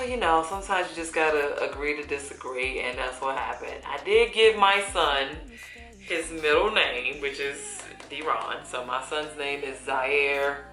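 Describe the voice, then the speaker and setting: A woman's voice: low-pitched, animated, unhurried, bright, forceful tone. A woman in her thirties chatting casually while doing her makeup, laughing often and using folksy slang. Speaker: beauty vlogger. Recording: echoey room with faint music.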